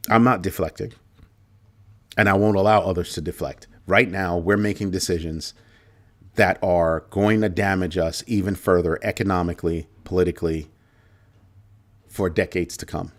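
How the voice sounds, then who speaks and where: A man's voice: deep voice, steady tone, normal speed. Emphatic man hosting a livestream. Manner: emphatic, repeats key phrases for effect; answers viewer comments mid-talk. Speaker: show host. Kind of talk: livestream commentary on the economy.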